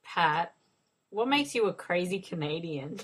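Casting: female podcast co-host, lowish voice, lively pitch, teasing. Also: a little slow, breathy edge, low-quality recording. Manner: teasing, asks questions. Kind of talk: casual chat.

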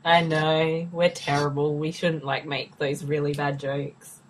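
Low-voiced, unhurried giggly woman. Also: slight background noise, low-quality recording. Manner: giggly, teasing, excitable. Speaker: podcast co-host. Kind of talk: casual podcast banter.

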